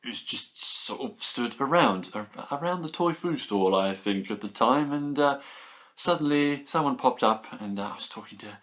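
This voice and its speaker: A young British man chatting casually about his toy haul, enthusiastic and rambling, with quick asides. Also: mid-range voice, animated, fairly bright tone. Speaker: toy collector vlogger. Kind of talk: casual chat.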